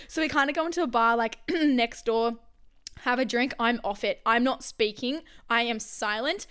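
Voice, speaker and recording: Young woman, podcast co-host, higher voice, clean tone, casual storyteller. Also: normal speed, a bit bright, clear, resonant tone. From Australia. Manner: chatty storytelling, lots of "like" and "yeah". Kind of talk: casual chat.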